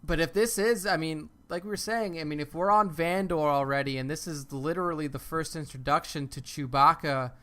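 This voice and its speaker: A man co-hosts a laid-back podcast, agreeing a lot and hedging with fillers. His voice is bright and fairly high for a man. It is crisp and clear too. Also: a little fast, hardly any pauses. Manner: agreeable, hesitant, lots of fillers, swears. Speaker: podcast co-host. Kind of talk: casual chat.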